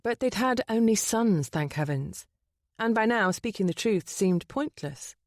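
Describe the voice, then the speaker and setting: Expressive audiobook narrator, lively pitch. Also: male voice, a little slow, dry recording, clean studio sound. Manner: expressive storytelling. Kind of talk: scripted narration.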